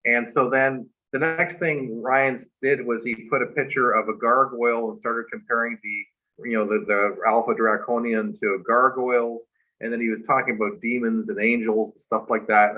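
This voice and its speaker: A man's voice: medium pitch, steady tone, normal speed, phone-quality sound. Earnest man telling a rambling story. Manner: earnest, rambling, heavy with "like" and "you know". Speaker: talk show guest.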